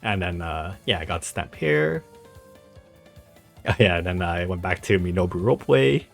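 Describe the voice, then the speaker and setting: A young man with a low voice narrates his travel photos in a loose, chatty way. He rambles, laughs often, and fills the gaps with "like" and "uh". Faint music plays under his voice. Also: lively intonation, normal speed, vocal fry. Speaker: travel vlogger. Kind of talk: casual travel vlog narration over photos.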